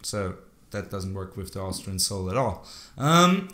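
A man's voice: low-pitched, sing-song, a little slow, fairly bright tone. A man hosting a podcast in casual chat, rambling and joking, often trailing off mid-sentence. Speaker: podcast host.

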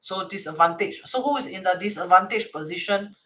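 Briskly and with lively intonation, a teacher with a Singaporean English accent explains a divination chart reading in a slightly bright mid-range voice. Dialogue is performed rather than just quoted, Chinese and Hokkien words pop up, and "right?" punctuates the talk.

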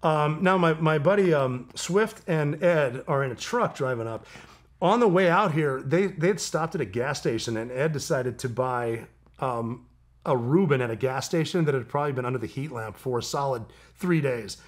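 A man as an interview guest, telling a long story with lively quoted voices and frequent laughter. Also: mid-range voice, normal speed. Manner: animated storyteller, laughs often, mimics people in quotes.

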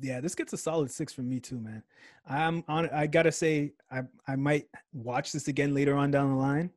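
A man's voice: on the high side, fairly even intonation, normal speed, dry recording, studio quality. A man co-hosting a podcast, reviewing a movie in casual, slangy chat and laughing often. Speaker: podcast co-host.

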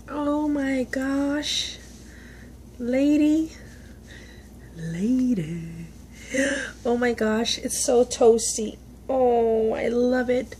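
A woman's voice: high-pitched, darkish tone, slight background noise. A woman, chatting casually on a vlog as she opens gifts, gushing, gasping and laughing. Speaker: vlogger. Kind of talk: casual unboxing chat.

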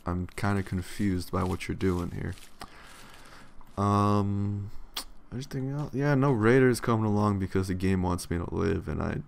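A man's voice: fairly low pitch, unhurried, vocal fry, slight background noise. A young man giving casual gameplay commentary, profane, sarcastic and tired, grumbling at the game. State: yawning, tired. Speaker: let's play commentator.

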